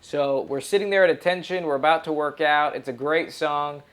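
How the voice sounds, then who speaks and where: A man in his thirties in casual chat, telling behind-the-scenes stories in an animated way and acting out quotes. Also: a little high, normal speed. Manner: animated storyteller, acts out quotes loudly.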